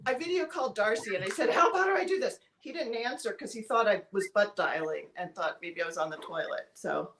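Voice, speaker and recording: A woman's voice: medium pitch, animated, a little fast, hardly any pauses, fairly bright tone, rough recording. A woman from Colorado co-hosting a livestream in casual, chatty talk, giggly and self-deprecating, heard over a video call. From Colorado, USA. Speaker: livestream co-host. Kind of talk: casual chat.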